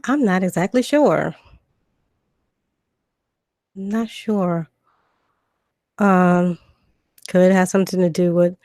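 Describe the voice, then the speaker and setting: On her casual live stream, a Virginia woman with a touch of Georgia twang reads definitions, talking loosely with plenty of ums and false starts as she recovers from illness. A desk computer mic records her low-for-a-woman, darkish voice dry and close, with no room sound.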